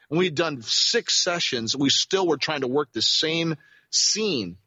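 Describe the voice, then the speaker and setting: A man who works as a voice actor, telling a rambling, animated story as a guest in a casual interview. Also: mid-range voice, normal speed, husky, dry recording, lo-fi sound.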